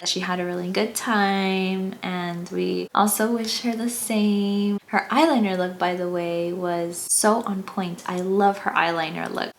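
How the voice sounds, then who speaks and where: A woman's voice: mid-range voice, level tone, unhurried, hardly any pauses. A young woman vlogger from Texas chats her way through a recap, gushing and giggling as she goes. Her voice sits in a middle range for a woman. A faint hiss of noise lies under the close mic. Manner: gushing, giggly, quotes people in little voices. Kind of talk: casual chatty recap.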